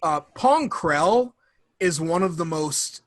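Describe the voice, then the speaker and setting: Excitable young man on a dry mic. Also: fairly high pitch, slow pace, no echo. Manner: enthusiastic, rambling, acts out quotes. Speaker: podcast co-host. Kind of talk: casual fan chat.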